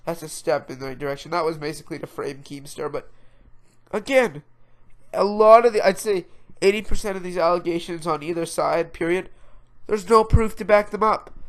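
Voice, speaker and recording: A man's voice: fairly high pitch, a bit bright. A man with a stuffed-up nose hosting a podcast, ranting in an exasperated, rambling way about online drama. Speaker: podcast host. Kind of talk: casual ranting commentary.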